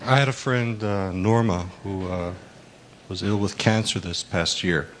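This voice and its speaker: Low-voiced man telling a quiet story. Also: a little hiss or hum. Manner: soft, hesitant with many pauses. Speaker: workshop participant. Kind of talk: personal storytelling.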